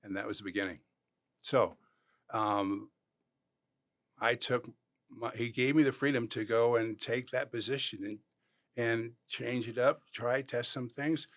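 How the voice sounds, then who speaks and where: An older man tells stories as a podcast guest, lively, and he acts out what people said. His voice sits at an ordinary middle pitch. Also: measured pace, long pauses. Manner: animated storyteller acting out quotes. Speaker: guest, former pro football player. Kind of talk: storytelling in a podcast interview.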